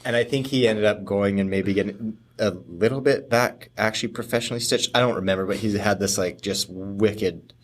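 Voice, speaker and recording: A man's voice: lowish voice, normal speed, hardly any pauses. A man co-hosting a podcast, telling a rambling story with frequent laughs and trailing off. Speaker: podcast co-host. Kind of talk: casual chat, storytelling.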